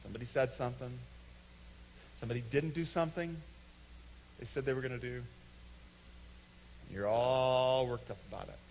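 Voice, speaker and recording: A man preaching a sermon from the stage of a church, talking conversationally, acting out short quoted exchanges and slowing down to stress key lines. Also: medium pitch, a little mellow, a little hiss or hum, low-quality recording. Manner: conversational, acts out little quoted dialogues, slows for emphasis. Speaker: pastor. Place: church sanctuary.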